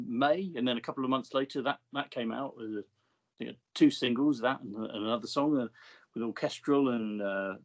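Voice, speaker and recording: Man, music countdown co-host, casual chat, relaxed and agreeable, mid-pitched voice. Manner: easygoing, chatty, with quick agreeing interjections.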